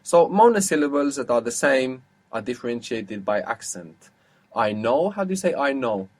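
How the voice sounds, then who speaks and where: A man teaching an audio language lesson, explaining step by step and pausing to quiz his student. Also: medium pitch, very animated.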